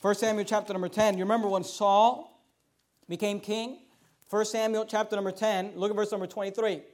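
A man preaching a sermon, reading scripture slowly and swinging between quiet asides and emphatic, louder points. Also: high-pitched, level tone.

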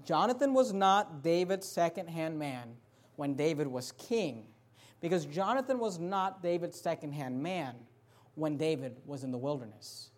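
A male pastor preaching a sermon, repeating phrases and building up to loud, emphatic passages. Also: on the high side, expressive, measured pace.

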